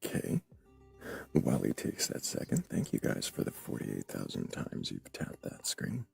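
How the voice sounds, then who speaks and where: A man's voice: a bass voice, huge pitch swings, normal speed, gravelly, darkish tone, breathy edge, faint music behind. A man hosting a live stream, questioning a caller and pressing his points. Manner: probing, interrupts to press points. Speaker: host.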